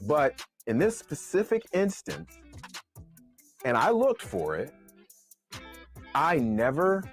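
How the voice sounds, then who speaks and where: A man giving his opinion in a casual commentary. He talks emphatically and slows down with deliberate pauses to land each point. Faint guitar music plays behind him. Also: mid-range voice. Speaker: commentator on a clip.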